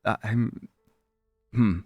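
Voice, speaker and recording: A young man streaming live, chatting with viewers while fighting broken software, scattered and exasperated, cursing and leaping from mumbles to high squeaky outbursts. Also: steady tone, drawn-out words, dry recording, faint music behind. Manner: scattered and exasperated, swearing at tech trouble. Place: home streaming setup.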